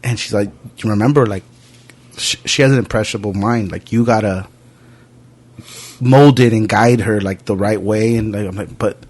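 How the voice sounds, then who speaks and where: A man's voice: on the low side, moderate pace, breathy edge. Profane young man telling stories. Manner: animated anecdotes, frequent profanity. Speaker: podcast host. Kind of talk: casual storytelling chat.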